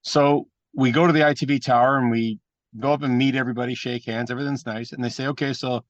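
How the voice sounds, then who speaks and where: Man, wrestler guest, rapid blunt storyteller, dry muffled audio. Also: mid-range voice, no room sound. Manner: animated anecdotes with mimicked voices; profane and blunt. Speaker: guest, pro wrestler and trainer. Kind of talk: casual storytelling interview.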